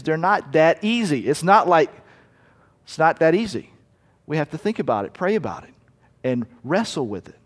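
A male pastor gives a conversational sermon, his voice sitting a bit higher than usual. He slips into murmured asides and brief acted-out bits, and the hall adds a long reverb.

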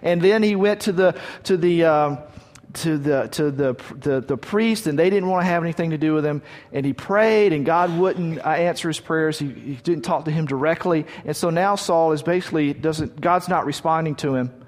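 A man's voice: a little high, moderate pace, a little mellow. A man preaching a sermon, reading scripture aloud and retelling the stories in a conversational way with frequent restarts. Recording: long hall reverb.

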